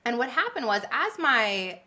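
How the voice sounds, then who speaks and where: A woman guest on a podcast, a business coach, telling her story in a lively conversational way and acting out what people said. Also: on the high side, moderate pace. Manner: animated, laughs often, acts out quotes.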